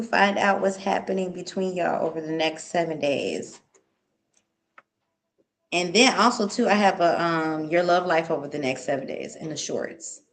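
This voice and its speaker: A woman hosting a live tarot reading stream, chatting casually and reading out viewers' questions. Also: lowish voice. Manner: chatty, hums and sings to herself while waiting; reads viewers' questions aloud. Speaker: tarot reader.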